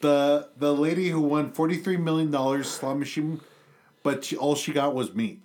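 A man's voice: a little high, steady tone, normal speed, a little mellow. A man co-hosting a casual podcast, reading odd news stories aloud and laughing often. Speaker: podcast co-host.

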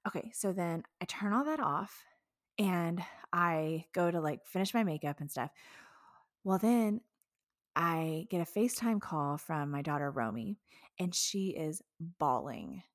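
A woman in her thirties excitedly retelling a stressful story in a casual, animated way, with frequent laughs and the odd swear word. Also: fairly low pitch, unhurried, no echo, studio quality. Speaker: social media mentor.

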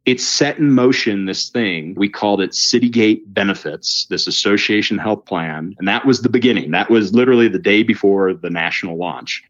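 A lively man tells a story in a relaxed, rambling way, with a fairly low voice that shoots upward at the exciting parts. He restarts his sentences often and leans on "like." The recording sounds dull and lo-fi. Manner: animated, pitch leaps up when recounting excitement; quick with frequent restarts and "like". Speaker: guest telling his story. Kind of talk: casual spoken storytelling.

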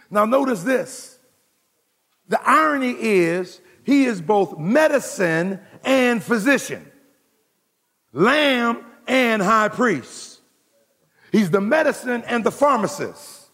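A man preaching a sermon as pastor, calling out to the congregation and swinging from loud to hushed. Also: high-pitched, lively intonation, slow pace, big-room sound.

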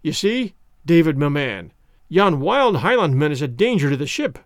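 A man's voice: on the high side, very animated, moderate pace, no room sound, studio quality. A man reading an audiobook, voicing a scheming ship captain who coaxes a boy with sly promises. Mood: coaxing. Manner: coaxing and sly.

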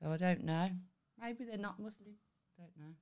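A woman's voice: mid-range voice, moderate pace, a little mellow, smooth. A woman co-hosting a comedy podcast, chatting casually and bluntly, swearing freely and laughing often.

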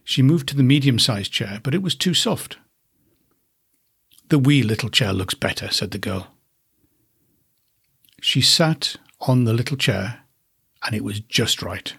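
A man, a podcast host, narrating a children's storybook in an expressive, unhurried way. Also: medium pitch, vocal fry, husky.

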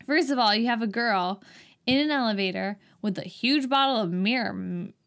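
A woman co-hosting a podcast, recapping a movie scene in a casual, incredulous, animated way. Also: mid-range voice, normal speed, vocal fry. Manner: exasperated, incredulous, animated storytelling. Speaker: podcast co-host.

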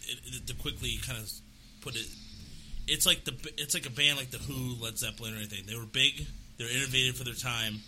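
A man's voice: mid-range voice, fairly even intonation, quick pace, sharp tone, a little hiss or hum, low-quality recording. A man giving his opinions as a co-host on a casual panel podcast, hesitant and full of fillers.

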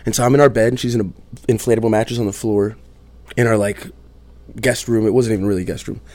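A man rattles through a personal story at a quick clip, candid and self-mocking, tossing in little asides as he goes. The sound is close and dry, with no room around it. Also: fairly low pitch, steady tone, darkish tone, dry recording. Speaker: musician guest.

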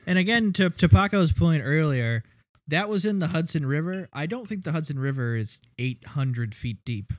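A man's voice: on the high side, animated, normal speed, no room sound. A man co-hosting a podcast, adding dry, self-mocking jokes in casual chat about a movie. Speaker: podcast co-host.

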